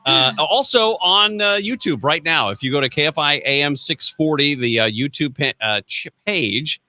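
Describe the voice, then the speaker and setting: A male radio host in casual chat, rambling and halting with lots of fillers. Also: on the high side, lively intonation, pushed and bright. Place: radio studio.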